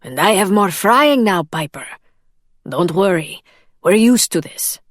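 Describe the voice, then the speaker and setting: A woman's voice: fairly low pitch, expressive, measured pace, dry recording, studio quality. Baker guy, easy and reassuring , read by a woman. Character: confident male baker, reassuring.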